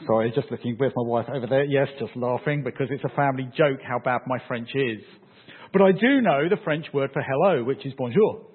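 A man's voice: medium pitch, brisk, slightly rough, narrow, tinny audio. A man preaching a sermon in a casual, conversational way, often checking in with his listeners.

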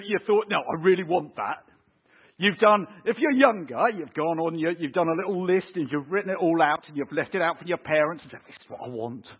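A man preaching a lively sermon, acting out little scenes with family voices. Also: high voice, breathy edge. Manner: animated, acts out voices of kids and parents. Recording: tinny phone-like sound.

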